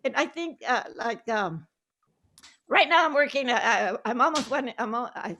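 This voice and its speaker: Animated and sharp-toned, with a voice pitched on the high side, an older woman from Southern Arizona reminisces casually on a video call. A playwright and actress, she's chatty, quick to laugh, and sprinkles Spanish through her English.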